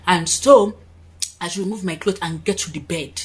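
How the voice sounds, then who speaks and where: A woman's voice: fairly low pitch, normal speed, breathy edge. Woman, twenties, vlogger recounting a story in her room while doing makeup, dramatic and chatty. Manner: chatty, dramatic storytelling with frequent asides to viewers. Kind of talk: casual storytime. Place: her own room, indoors.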